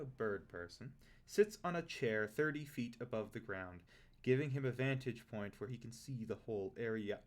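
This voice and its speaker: Laid-back young man game master. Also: mid-range voice. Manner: relaxed, laughs often. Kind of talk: narrating a tabletop game.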